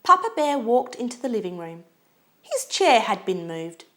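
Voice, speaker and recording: A woman reading a children's storybook aloud in an expressive, lilting way. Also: on the high side, normal speed.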